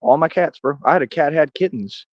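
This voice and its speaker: A man's voice: a little high, fairly quick, dry recording, highs cut off. Boastful man ranting with street slang. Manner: coos softly at a cat. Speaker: streamer. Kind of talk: rambling livestream monologue.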